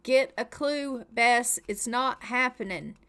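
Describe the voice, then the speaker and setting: A woman's voice: a little high, slow, fairly bright tone. Exasperated woman, let's play host. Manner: exasperated, dramatic, chatty. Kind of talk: casual game commentary.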